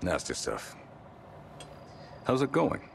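An actor playing a friendly, talkative local guide who greets strangers heartily in video game dialogue. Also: male voice, mid-range voice, huge pitch swings, takes it slowly, vocal fry, a little hiss or hum, heavily acted. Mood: genial.

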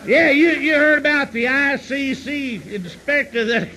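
A man's voice: extremely high pitch, a little slow, crowd noise, noisy background. A tipsy man telling crude jokes in a rambling, profane way, often repeating himself. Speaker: stand-up comedian.

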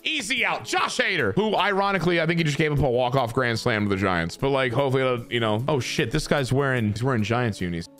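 A young man giving live gameplay commentary as a streamer, excitable and self-mocking, swearing freely. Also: mid-range voice, fast talker, hardly any pauses, faint music behind. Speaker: gaming streamer.

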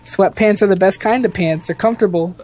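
A young man hosting a casual gameplay video, joking crudely and squealing with excitement. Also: sits high, a little fast, slight background noise. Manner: playful, crude jokes, squeals when excited. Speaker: gaming video host.

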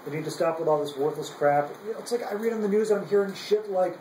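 A man's voice: high-pitched, quick pace, few pauses, a little mellow. Young enlisted man, heated and profane, restarts his lines, a light hiss under a roomy echo. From United States. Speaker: active duty service member. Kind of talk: angry political rant.

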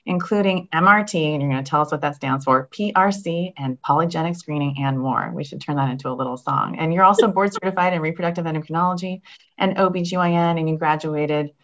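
Fast-talking low-voiced woman host. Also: fairly bright tone, highs cut off. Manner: upbeat, reads guest bio enthusiastically. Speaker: podcast host. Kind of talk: interview introduction and questions.

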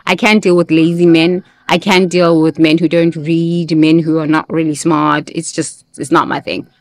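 The host is a woman with a low voice that barely moves in pitch, speaking at a moderate pace with no echo. In her motivational self-help monologue she stresses her points emphatically, repeats key phrases, and occasionally breaks into sing-song chants for fun.

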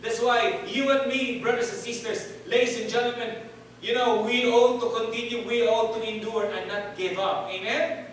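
Extremely high-pitched yet steady in tone, a man preaches at a moderate pace in a fairly bright voice. He leads his church-hall congregation in call-and-response and repetition, recorded from a distance with echo and a little hiss or hum.

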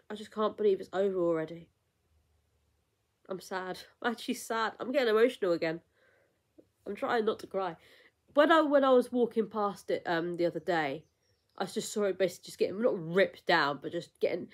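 A young woman vlogger in casual chat, rambling and emotional, with lots of fillers and restarts. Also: mid-range voice.

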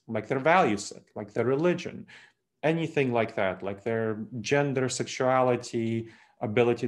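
Animated man giving a bias talk. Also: medium pitch. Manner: animated, emphatic, with light laughs and asides. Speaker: speaker on unconscious bias. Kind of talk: presentation talk.

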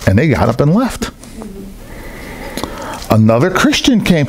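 Animated man preaching a sermon. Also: on the high side, unhurried, gravelly, husky. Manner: animated storytelling, acts out other people's lines. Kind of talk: sermon with personal stories. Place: church hall.

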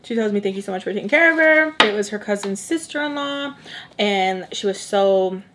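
A woman's voice: medium pitch, animated, normal speed, noisy background. A young woman, a makeup artist telling a long storytime while she eats, chatty and acting out what others said. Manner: chatty, acts out quoted voices, drops into Spanish slang. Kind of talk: storytime chat while eating.

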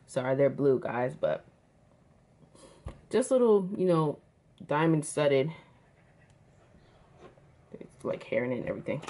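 A chatty woman with a slightly low voice, showing off gifts to her viewers. She talks casually and calls them y'all. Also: lively intonation, a little slow, pauses often, warm tone. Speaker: vlogger. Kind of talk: casual unboxing chat.

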